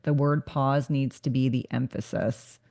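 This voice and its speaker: A woman's voice: a bass voice, fairly even intonation, measured pace, vocal fry, warm tone. A woman in middle age hosting a podcast interview, talking in an earnest, reflective way and sometimes repeating words as she thinks. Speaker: podcast host. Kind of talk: casual interview conversation.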